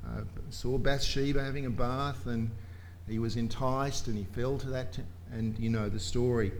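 A man's voice: mid-range voice, steady tone, normal speed, slight background noise. A man preaching a sermon in a church, emphatic and full of rhetorical questions to his congregation.

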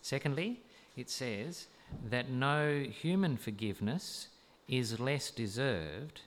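A man giving a sermon-style camp talk, measured and thoughtful with hesitant fillers. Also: mid-range voice, fairly bright tone, slight background noise. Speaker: camp speaker.

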